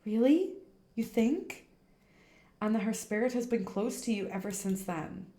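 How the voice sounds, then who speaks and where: A woman's voice: on the high side, animated, measured pace, roomy sound. A woman voicing a cheerful, protective teenage schoolgirl from a game, reading her lines aloud on stream. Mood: puzzled. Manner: bright, eager, affectionate.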